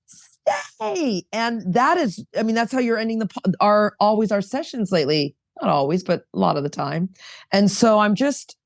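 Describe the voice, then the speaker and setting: A woman's voice: medium pitch, fairly quick, gravelly, dry recording. Earnest woman sharing, dry close sound. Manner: earnest, emphatic, repeats herself. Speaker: roundtable participant, sponsor. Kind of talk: casual recovery-meeting sharing.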